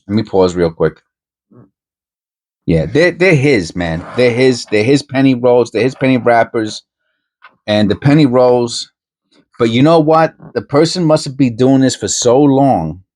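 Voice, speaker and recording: A man's voice: mid-range voice, animated, a little slow, darkish tone. A man hosting a coin-hunting channel, talking casually and rambling with many restarts and self-interruptions. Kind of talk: casual commentary to camera.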